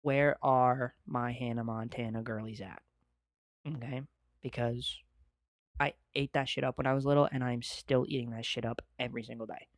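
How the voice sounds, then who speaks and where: Young male podcast host, excitable, swears a lot, dry close mic, mid-pitched. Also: normal speed, no room sound. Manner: excitable, profane, gushing. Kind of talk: casual podcast monologue. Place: home studio at a desk.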